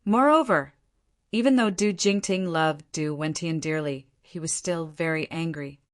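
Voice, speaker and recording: Woman narrator with a lower voice reading a novel in steady, scripted narration. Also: measured pace. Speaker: audiobook narrator.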